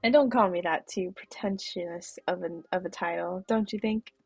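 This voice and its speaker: A boastful, breezy male guardian angel with old-man energy, as a woman voices him. The voice is gravelly and husky, recorded dry and close. A quiet bed of music runs underneath. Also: fairly low pitch, moderate pace, dry recording. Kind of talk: reading game dialogue aloud.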